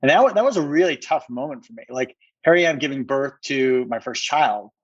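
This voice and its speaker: A man's voice: mid-range voice, animated, a little fast, lo-fi sound. A middle-aged man from Minneapolis telling a personal story as a podcast guest, earnest and emphatic, often restarting his sentences. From Minneapolis, USA.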